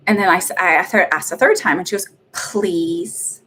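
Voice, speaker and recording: A woman's voice: lowish voice, expressive, fast talker, sharp tone, slight background noise. Woman, middle-aged, chatty livestream host, rambling, laughs often. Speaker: psychic medium livestream host. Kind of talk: casual livestream chat.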